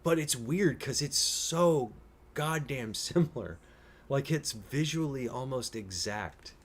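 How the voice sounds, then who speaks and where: A man's voice: medium pitch, lively intonation, takes it slowly. A man chatting casually while reacting to a show, enthusiastic and rambling, sometimes teasing his co-host. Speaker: reaction streamer.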